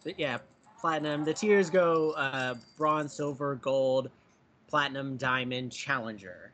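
A man's voice: medium pitch, measured pace, a bit bright, slight background noise. A man co-hosting a podcast, chatting casually and joking about being a Bigfoot. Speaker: podcast co-host. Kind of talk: casual chat.

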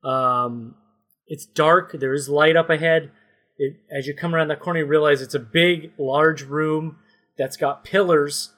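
A man from Canada narrating a comedic story game as game master, laying out scenes slowly with mock suspense. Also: on the high side, fairly even intonation, fairly bright tone.

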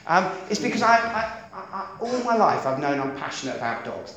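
A middle-aged man preaching in a church hall, with a slightly higher voice than most men. He talks in a lively, chatty way and keeps checking in with his listeners. The room rings with echo, and a faint hum sits underneath. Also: moderate pace. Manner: lively, conversational, keeps asking "does that make sense?". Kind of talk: sermon.

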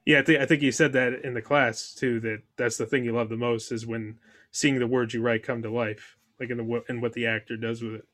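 A man's voice: mid-range voice, flat delivery, brisk, a bit bright. A man interviewing a filmmaker, asking casual questions full of "like" and restarts. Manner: casual, many fillers like "like". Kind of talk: conversational interview.

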